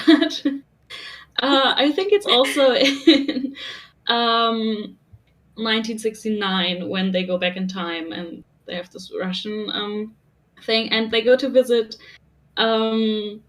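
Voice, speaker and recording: Slow, giggly woman. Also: fairly high pitch, a bit bright. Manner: unhurried, giggly, self-deprecating. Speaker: podcast panelist. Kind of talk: casual chat.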